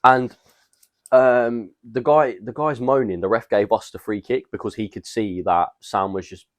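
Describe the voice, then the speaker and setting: A young man co-hosting a podcast, telling a rambling, slangy, animated story in casual chat. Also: medium pitch, measured pace, no echo. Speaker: podcast co-host.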